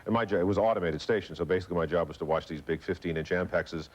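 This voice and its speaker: A man from New Orleans with a smooth standard American accent, telling stories quickly and chattily as a guest on a late-night talk show. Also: deep voice, steady tone, darkish tone. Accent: General American, trained out of a New Orleans accent. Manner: fast, chatty storyteller. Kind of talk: casual chat on late-night TV. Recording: dull broadcast audio.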